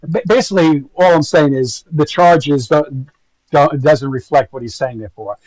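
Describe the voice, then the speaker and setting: A man's voice: a little high, normal speed, a little mellow, dry recording, low-quality recording. A man giving casual, rambling, gossipy commentary to his stream viewers. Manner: rambling, gossipy, full of fillers.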